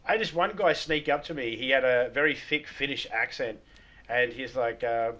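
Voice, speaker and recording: A man's voice: medium pitch, moderate pace, sharp tone. A man with an Australian accent hosting a casual gaming livestream, rambling, repeating words and laughing at his own stories. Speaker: livestream host.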